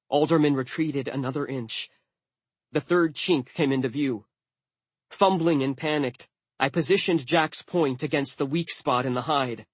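A man's voice: mid-range voice, a little slow, breathy edge, dry recording. Man narrating an audiobook, dry and wry. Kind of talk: first-person audiobook narration.

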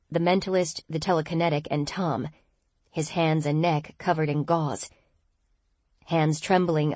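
A woman's voice: deep voice, darkish tone, dry recording. A woman reading a first-person audiobook, tense and wry in turn. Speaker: audiobook narrator.

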